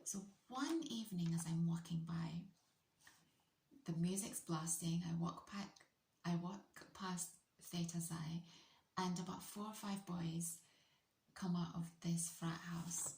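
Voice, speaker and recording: A British woman from the UK telling a personal story in a playful, casual way, often dropping into hushed, whispery asides. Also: on the low side, takes it slowly, creaky, echoey room. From United Kingdom.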